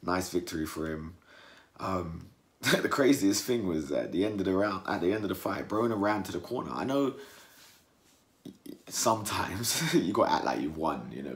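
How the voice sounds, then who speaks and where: A young man from England talks through a fight he just watched in a casual monologue. His voice sits very low with a gravelly fry, and now and then he jumps into mocking impressions of the fighters. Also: moderate pace. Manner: animated, acts out fighters' words in mocking high voices. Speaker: boxing commentator.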